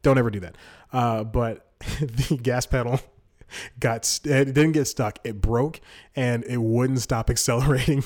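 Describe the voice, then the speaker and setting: A man's voice: medium pitch, steady tone, a little slow, a little mellow. A young man hosting a podcast, telling casual stories on his own, rambling, correcting himself and laughing often mid-sentence. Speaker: podcast host. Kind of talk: casual solo storytelling.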